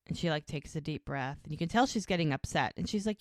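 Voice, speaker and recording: A woman with a lowish voice casually recaps an episode on a podcast, acting out each scene by quoting the characters' lines in turn. The sound is dry and close, with no room echo at all. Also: fast, few pauses. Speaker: podcast co-host.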